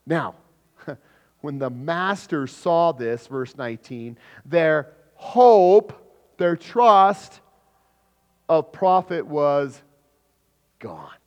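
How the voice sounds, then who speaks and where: A man preaching a sermon to his church, swinging between loud emphatic lines and low quiet ones. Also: slow pace. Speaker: pastor. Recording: long hall reverb.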